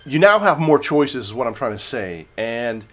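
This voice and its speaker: This American man hosts a casual, unscripted livestream beer review, rambling, correcting himself, and drifting into digressive stories. His voice is medium in pitch with big swings, his pace moderate, and there's slight background noise.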